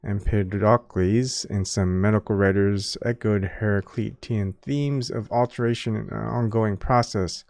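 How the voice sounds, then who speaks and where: A man with a fairly low voice hosts a livestream from home. He reads a text aloud haltingly, correcting himself as he goes, then drifts into loose chat full of ums. His throat sounds parched, and the sound is close and dry with no room echo. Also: darkish tone. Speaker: livestream host. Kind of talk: reading aloud and casual stream chat.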